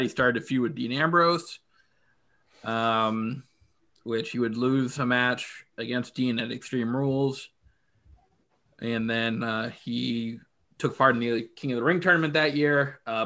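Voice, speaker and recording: A man's voice: medium pitch, steady tone, a little slow, pushed and bright. A man hosting a wrestling podcast, steadily recounting events in order with many fillers. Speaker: podcast host reading career history. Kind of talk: casual recap.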